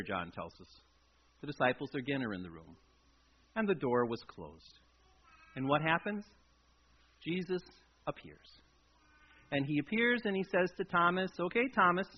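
Preaching as a pastor, a man with a slightly high voice dramatizes the story, moving between loud emphasis and an almost-hush. It's a dull, lo-fi recording.

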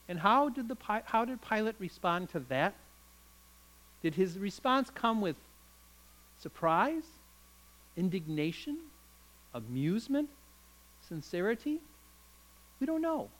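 A man preaching, his voice high and bright as he tells the story with drama and emphasis. His pitch swings widely, rising and falling with every turn. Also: big pitch swings, slow, pauses often, poor audio. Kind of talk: sermon.

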